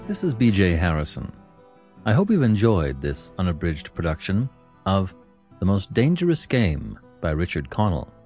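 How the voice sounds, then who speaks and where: A man narrating an unabridged audiobook in a measured, expressive storytelling manner. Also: low-pitched, soft background music.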